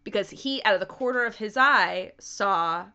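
A woman co-hosting a podcast, telling a story in casual chat with lots of "like" and quick acted-out quotes. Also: medium pitch, lively intonation, pushed and bright, clear, resonant tone, lo-fi sound. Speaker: podcast co-host. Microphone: headphones.

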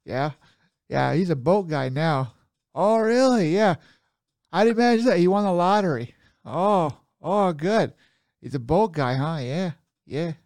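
A goofy small-town Midwestern gossip, as a man puts him on, with a pitched-up, boisterous drawl. He trades lottery gossip in broad, exaggerated tones. The sound is close and dry. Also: lively intonation, measured pace, darkish tone, dry recording.

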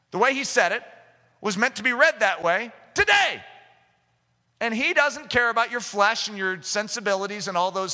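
A man preaching a sermon with fervor, rising to shouts for emphasis. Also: sits high. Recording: echoey hall reverb.

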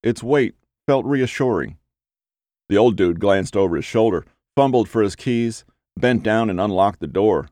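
A man reads gritty crime fiction with steady storytelling pacing. His voice sits fairly low. The recording is dry, with no room sound. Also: dry recording. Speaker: audiobook narrator. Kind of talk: scripted crime fiction narration.

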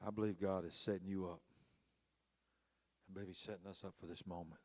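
A man preaching a passionate sermon, swinging between hushed, intimate lines and loud, rising storytelling. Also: sits low, steady tone, brisk. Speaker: pastor.

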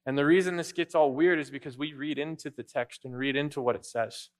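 A man's voice: on the high side, steady tone, brisk. A man preaching a sermon as pastor, in a conversational way with frequent asides to the congregation. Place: church sanctuary.

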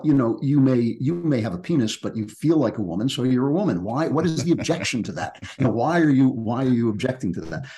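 Older guy, kinda low voice, earnest and thinking out loud, lots of restarts. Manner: earnest and searching, with many restarts. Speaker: guest, crime novelist. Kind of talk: reflective interview talk.

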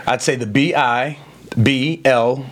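A man in his forties speaks as a guest pastor, telling his story in an earnest, preacherly way. His pitch sits in an ordinary middle range. He leans into key lines with rising emphasis. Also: takes it slowly. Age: 40s. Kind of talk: conversational interview, preacherly storytelling.

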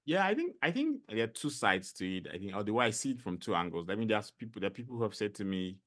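A middle-aged man with a Nigerian accent, a podcast guest telling stories in a casual interview, animated and full of fillers. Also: lowish voice, fast talker. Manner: animated storyteller, many fillers.

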